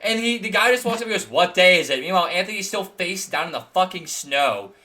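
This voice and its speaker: A man's voice: high voice, quick pace. Laughing young man telling a wild story. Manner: animated storyteller, swears a lot, laughs while telling. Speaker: podcast host. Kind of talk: casual chat.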